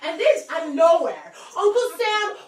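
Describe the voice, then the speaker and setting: A woman's voice: very high voice, sing-song, normal speed. A young woman telling a story on stage, chatty and laughing as she goes. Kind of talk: live storytelling. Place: small bar performance room. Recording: echoey room, distant mic.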